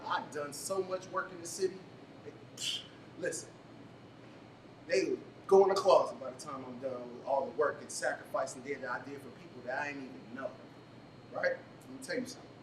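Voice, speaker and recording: A man hosts a live event, firing call-and-response at the crowd and drifting into loose, preachy stories in a high voice. The sound is roomy and distant, with faint noise behind it. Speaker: event host. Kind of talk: motivational talk to a live audience. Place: event venue before a crowd. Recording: echoey room from far off, faint noise.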